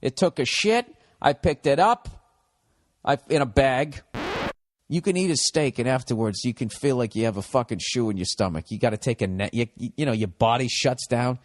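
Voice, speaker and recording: A man's voice: medium pitch, moderate pace. A man, hosting a comedy podcast with a profane, sarcastic rant that slips into mocking voices. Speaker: podcast host.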